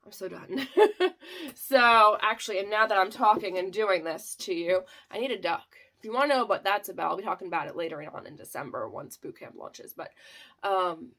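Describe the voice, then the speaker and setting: A woman's voice: fairly low pitch, lively intonation, fairly quick, fairly bright tone. A woman in her thirties talking casually to her vlog audience, chatty and candid, laughing often and using many fillers. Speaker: small business owner vlogging a sales sprint.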